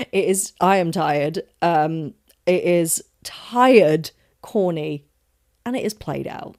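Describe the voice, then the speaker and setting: Her voice on the low side and a little mellow, a young London woman rants on her solo podcast at a slow pace, pausing often. She is chatty, rambling, and emphatic, with lots of swearing and self-referential asides.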